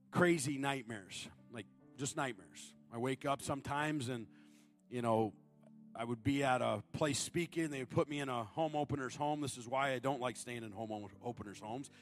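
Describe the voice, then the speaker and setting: A man in his thirties delivers a sermon. His voice climbs into loud, high appeals, then drops low and close for personal stories. Faint music plays underneath. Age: 30s. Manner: swings from shouted high appeals to low confiding storytelling. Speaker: guest preacher.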